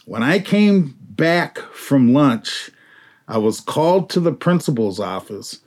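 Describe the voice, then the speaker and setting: A man on a discussion panel recalling a story in a measured, reflective way. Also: medium pitch, big pitch swings, a little mellow. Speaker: panel guest. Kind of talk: conversational storytelling.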